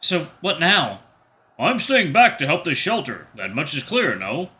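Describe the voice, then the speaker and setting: A man voicing an earnest male bear adventurer in a game, speaking higher and louder than his own voice. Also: huge pitch swings, unhurried, full character voice.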